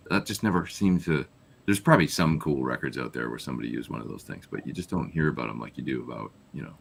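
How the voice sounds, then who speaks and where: A man's voice: rumbling low, expressive, fast, creaky, breathy edge. A man from Canada, a guest musician on a live video call, talking casually and rambling with lots of fillers. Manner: rambling, trails off with many fillers.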